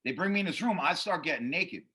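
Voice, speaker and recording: A man telling a story as a podcast guest, in a casual, animated and profane way. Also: fairly high pitch, fast talker, husky.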